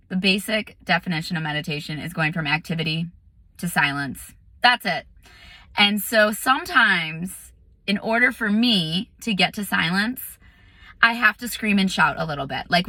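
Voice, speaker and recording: Chatty bright-voiced woman meditation teacher. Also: lowish voice, no room sound. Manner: chatty, lots of "like" and "um"; animated storytelling. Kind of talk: casual vlog talk.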